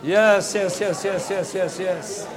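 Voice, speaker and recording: A man's voice: high voice, steady tone, slow, a crowd in the background. A man preaching a sermon, urging the congregation to speak out, his voice strained.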